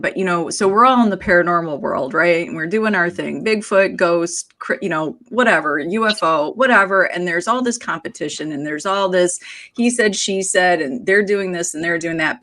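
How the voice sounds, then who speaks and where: A woman with a somewhat low voice talking through her thoughts on a casual podcast. She is reflective and persuasive, and she keeps checking in with her listeners as she goes. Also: fairly bright tone. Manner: reflective, persuasive, many rhetorical "right?".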